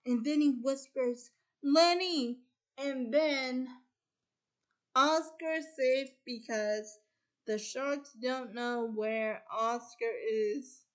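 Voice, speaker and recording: A high-pitched woman who hosts a casual chat and retells a film's plot at an unhurried pace. She strings each event onto the last with "and then," and often circles back to restart a thought. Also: fairly even intonation. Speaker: host.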